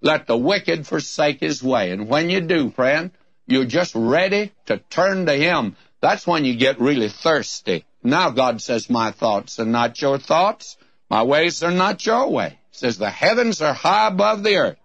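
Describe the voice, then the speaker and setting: A man's voice: a little high, animated, unhurried, a bit bright, highs cut off. A man teaches through a Bible passage in a slightly raised, plain voice. He speaks to the listener as a friend and reads scripture in old-fashioned wording. The sound is dry and close, with no room echo. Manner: folksy, addresses listeners as friend. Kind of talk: recorded radio Bible study sermon.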